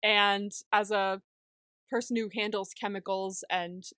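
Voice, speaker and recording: A woman's voice: mid-range voice, little pitch movement, measured pace, bright, forceful tone, clear, resonant tone, dry recording. A woman co-hosting a podcast, recapping an episode in casual chat, laughing often and acting out the characters' lines with plenty of swearing. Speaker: podcast co-host.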